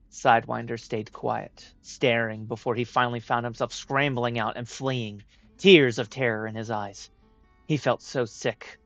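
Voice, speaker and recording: A man's voice: mid-range voice, fairly bright tone, no echo. Man narrating a story, dry lo-fi sound. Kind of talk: reading a fan story aloud. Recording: dry, dull lo-fi with faint music.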